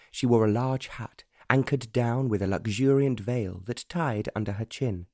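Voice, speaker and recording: A man narrating an audiobook in a measured, even storytelling style. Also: mid-range voice, dry recording, clean studio sound. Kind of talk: scripted narration.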